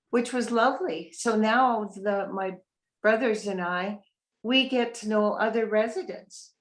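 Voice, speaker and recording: A middle-aged woman, related to a resident, gives a heartfelt interview testimonial about her family's experience in a mid-range voice. She talks through fillers and restarts, and the recording is low quality.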